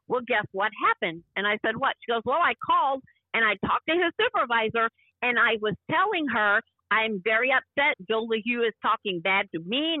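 A woman's voice: a little high, no echo. Emphatic woman on a phone line. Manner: emphatic, acts out quoted dialogue. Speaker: interview guest. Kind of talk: personal account in an interview. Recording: tinny phone-line sound.

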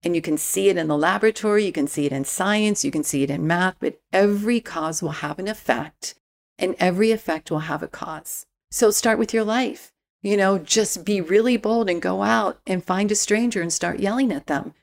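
A woman speaking as a spiritual mentor guest in a relaxed interview, calm and reflective with easy laughs. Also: medium pitch, moderate pace, creaky. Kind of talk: casual interview chat.

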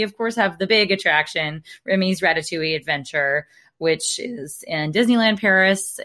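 A woman's voice: fairly low pitch, fairly bright tone. A woman from Alabama, co-hosting a casual podcast chat, chatty and self-deprecating, laughing easily. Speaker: podcast co-host.

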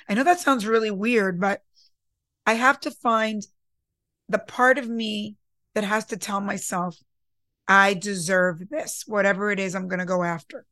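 In a medium-pitched, fairly bright voice with no echo, a woman hosting a podcast talks earnestly and reflectively about confidence. She sometimes acts out her inner voice in this casual motivational talk.

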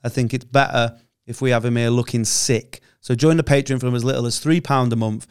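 A man's voice: mid-range voice, steady tone, a little fast, smooth, dry recording, clean studio sound. A man co-hosting a podcast, reading a support appeal in a mock-serious, playful way. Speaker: podcast co-host. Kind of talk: ad read.

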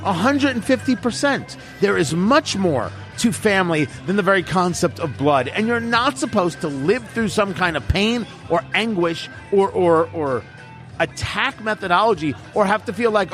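A man's voice: high voice, animated, normal speed, a bit bright, soft background music. A middle-aged man, a radio host, chatting casually with blunt, emphatic opinions. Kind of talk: casual chat.

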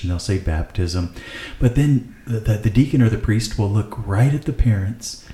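Mellow low-voiced man in an echoey room. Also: animated, moderate pace, hardly any pauses. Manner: earnest, questioning. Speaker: podcast host leading discussion. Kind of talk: casual discussion.

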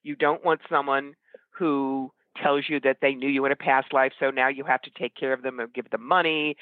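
A woman's voice: low-pitched, no room sound. Blunt opinionated woman on a phone line. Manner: blunt, opinionated, brisk storytelling. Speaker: guest, psychic medium and author. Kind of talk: casual interview conversation. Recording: tinny phone-like line, dry.

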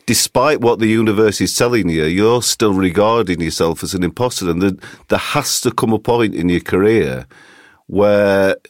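A man with a low voice speaks thoughtfully and articulately, laying out his ideas at a measured pace. He is recorded dry and close to the mic. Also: no room sound. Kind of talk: casual conversation.

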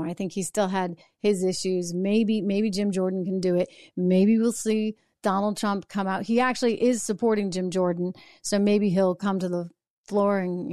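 A woman's voice: medium pitch, warm tone, no echo, clean studio sound. A woman hosting her own show, delivering an emphatic political commentary monologue full of rhetorical asides. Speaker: show host.

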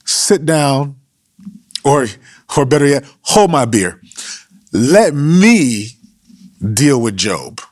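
A man's voice: mid-range voice, big pitch swings, drawn-out words, long pauses, no room sound, studio quality, pitched above the performer's own voice, full character voice. A man voicing a brash, streetwise young male challenger who scolds in slangy, confrontational talk.

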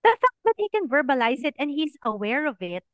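A woman's voice: sits high, sing-song, fairly quick, fairly bright tone, no room sound. A woman hosting a parenting podcast interview, affirming and encouraging her guest. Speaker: podcast host. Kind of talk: casual interview chat.

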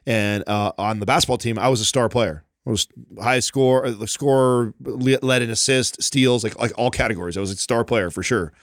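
Animated man telling stories, dry close sound. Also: mid-range voice, fairly quick, few pauses, no room sound. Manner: animated storytelling, frequent "like" and "bro". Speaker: podcast co-host. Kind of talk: casual chat.

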